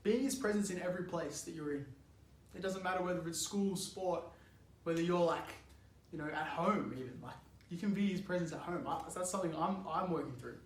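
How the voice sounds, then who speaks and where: A man's voice: high voice, fairly quick, echoey room. A young man from Australia giving a casual youth sermon, telling a story with lots of "like" and frequent laughs. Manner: animated, chatty, laughs often, lots of "like". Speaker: youth speaker.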